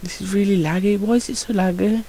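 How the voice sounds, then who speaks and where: A young Brummie man chatters through his gameplay, joking and getting worked up as he goes. His voice sits a bit high with a gravelly crackle and a mellow, dark tone. He sounds like he is recording on a home computer mic. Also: fast talker. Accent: Birmingham English. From Birmingham, England. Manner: chatty, excitable, jokey self-talk. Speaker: gameplay commentator. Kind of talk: casual gameplay commentary.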